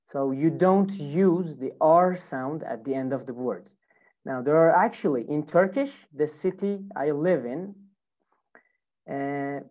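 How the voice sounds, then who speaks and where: A woman with an American accent teaches pronunciation online. Her voice is low and mellow, and she speaks slowly, repeating each word for her learners. The audio is dull and lo-fi. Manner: slow, repeats words for learners. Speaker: English teacher.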